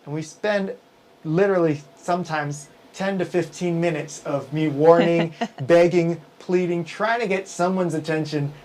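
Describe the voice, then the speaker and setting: A man's voice: a little high, fairly even intonation, measured pace, a little mellow, rough recording. A man hosting a casual business talk show, rambling with lots of fillers and restarts, working as an event emcee. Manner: rambling, filler-heavy, with frequent self-corrections.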